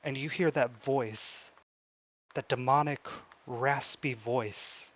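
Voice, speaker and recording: A man narrating a tabletop game as game master with slow, descriptive storytelling. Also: medium pitch, fairly bright tone.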